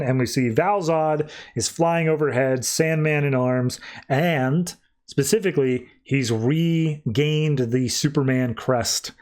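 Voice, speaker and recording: A man's voice: on the high side, takes it slowly, darkish tone. A man hosting a podcast, casually retelling a comic-book story in a chatty way full of filler words. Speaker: podcast host.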